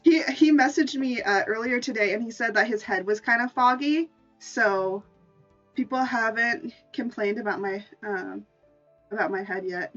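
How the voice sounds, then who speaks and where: Woman streamer, higher voice, rambling stammer, off-mic, dull lo-fi audio with faint music under it. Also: normal speed, fairly bright tone, recorded from a distance. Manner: rambling, stammering restarts, laughs often. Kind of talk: casual stream chat.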